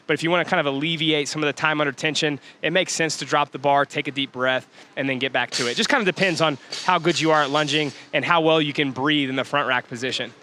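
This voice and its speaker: Bright-voiced man doing gym commentary. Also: fairly high pitch, slight background noise. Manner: energetic, chatty, laughs often. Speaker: workout commentator. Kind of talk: live workout commentary.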